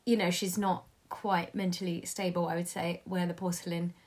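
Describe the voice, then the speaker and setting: A woman's voice: lowish voice, little pitch movement, moderate pace. A woman talks over a film in easy conversation. She hunts for the right word, backtracks and corrects herself as she goes. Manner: searching for words, self-correcting. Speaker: film reviewer. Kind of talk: casual film discussion.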